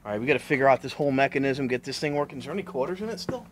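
A man giving a casual running commentary as he works, excitable, exclaiming and thinking aloud into a camera mic held close. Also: medium pitch, racing. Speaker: vlogger restoring a vending machine. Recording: noisy background hiss.

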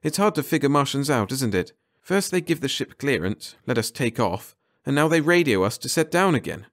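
A man's voice: mid-range voice, big pitch swings, fairly quick, voice pushed up. A man voicing a brash, chatty young male passenger on a spaceship.

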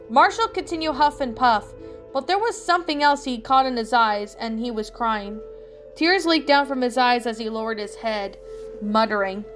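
A woman narrating a fan fiction story with an expressive reading. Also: a little high, normal speed, soft background music.

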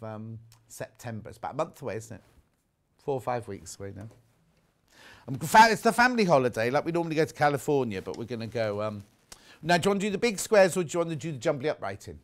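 A man's voice: mid-range voice, very animated, fast talker. An English man presenting live on a shopping channel, chatting away and reading viewer messages aloud. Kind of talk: live sales chat. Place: TV studio.

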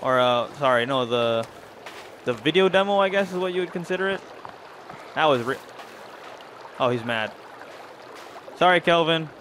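A man's voice: fairly high pitch, animated, moderate pace, long pauses, a bit bright, slight background noise. A young man casually commenting while he plays a video game, rambling to his viewers and to the characters on screen. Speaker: gaming channel host. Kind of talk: casual let's-play commentary.

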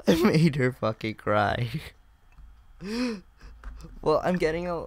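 A man's voice: on the high side, big pitch swings, very slow, long pauses. A young man playing a chat-based game, reading messages aloud and reacting with casual swearing and laughs. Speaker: gaming video creator. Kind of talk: casual let's-play commentary.

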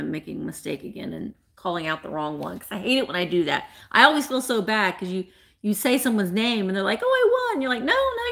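A woman's voice: mid-range voice, fairly bright tone. A woman hosting a live online sale, chatting playfully with viewers by name and laughing often. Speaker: live-sale host selling vintage items. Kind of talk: casual live-stream auction chat.

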